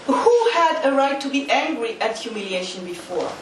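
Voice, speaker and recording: Woman, lecturer, emphatic and animated, high voice, distant mic, very echoey hall. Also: normal speed. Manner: emphatic, uses volunteer demonstrations. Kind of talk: interactive lecture. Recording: echoey hall from far off, faint noise.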